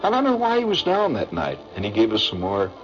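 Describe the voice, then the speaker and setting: A man's voice: fairly low pitch, wildly swooping pitch, fast, muffled recording, over music. An older man from Indiana telling a personal story in a rambling, hesitant way, with many restarts. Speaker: veteran recounting a memory.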